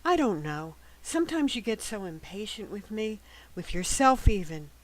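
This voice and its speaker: A woman reading the lines of a young woman pianist who is gentle and gently teasing. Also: mid-range voice, sing-song, normal speed, voice pushed up, natural voice, rough recording. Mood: light.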